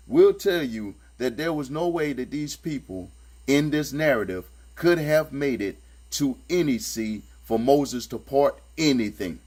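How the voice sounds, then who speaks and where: A man's voice: expressive, unhurried, a little mellow. Streetwise sarcastic man, humming recording. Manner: streetwise, sarcastic, emphatic, repeats phrases. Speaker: commentator reading and critiquing scripture. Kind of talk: casual spoken commentary. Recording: low electrical hum behind the voice.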